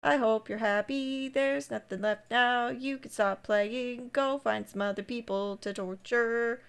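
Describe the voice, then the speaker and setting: A woman's voice: a little high, steady tone, measured pace, creaky, smooth. A woman reading out the lines of a heartbroken, betrayed young woman from a game, pleading and then bitterly accusing.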